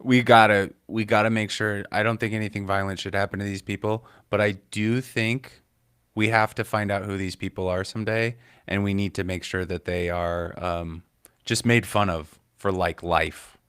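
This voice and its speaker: Male comic host, loose rambling delivery, swears freely; low, smooth, dry-miked. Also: little pitch movement, normal speed, fairly bright tone, dry recording. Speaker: comedian host. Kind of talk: casual commentary on clips.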